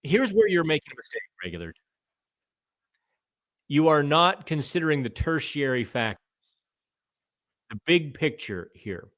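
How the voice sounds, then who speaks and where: A middle-aged man hosting a live hockey chat, answering viewer comments in a loose, thinking-out-loud way and stumbling over names now and then. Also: fairly high pitch, big pitch swings, normal speed, pauses often, dry recording. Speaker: hockey podcast host.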